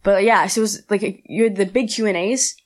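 A young woman talks at a rapid clip in a casual chat. Her stories are animated and come in quick bursts, packed with "like" and little acted-out exchanges, at an everyday middle pitch. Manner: rapid, animated, heavy use of "like". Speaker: aspiring pro wrestler, guest.

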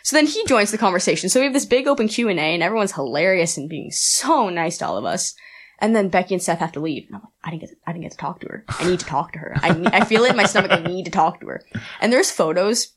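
Young woman rattling off a story super fast, lots of "like", casual chat. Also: lowish voice. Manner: rapid, animated, heavy use of "like". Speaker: aspiring pro wrestler, guest.

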